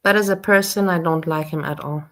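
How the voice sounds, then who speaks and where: A woman with a low voice hosts a casual live stream chat. She talks in a chatty way, repeating and restarting phrases as she goes. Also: steady tone, fairly quick, a bit bright.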